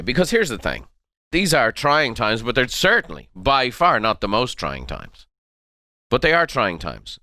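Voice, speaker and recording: A middle-aged man gives a motivational talk on his podcast, with a low, forceful and smooth voice. He presses on his main points and says them again and again. The sound is close and dry, with no room around it. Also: no echo. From Ireland. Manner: emphatic, repeats key phrases, coaching tone. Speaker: podcast host and motivational speaker. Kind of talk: motivational monologue.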